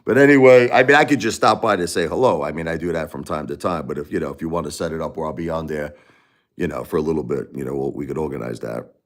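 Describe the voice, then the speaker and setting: A man's voice: a bass voice, fast. A man in his forties with a Brooklyn New York accent, chatting casually and rambling on a live stream, full of "you know"s and restarts. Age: 40s.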